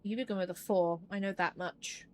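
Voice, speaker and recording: With a medium-pitched, fairly even, slightly mellow voice, a woman talks a little fast over slight background noise. She's streaming a puzzle game, casually rambling with fillers and making fun of herself as she goes.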